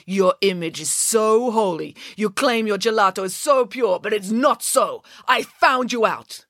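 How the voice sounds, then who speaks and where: A woman voicing a greedy, indignant middle-aged man who accuses slowly and emphatically. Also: mid-range voice, bright, forceful tone, no room sound, clean studio sound, pitched above the performer's own voice.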